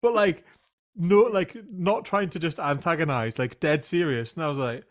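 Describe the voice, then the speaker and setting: A man's voice: on the high side, moderate pace. A man in his thirties, a podcast host and teacher, telling self-mocking stories in casual chat. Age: 30s. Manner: self-mocking anecdotes, laughs often.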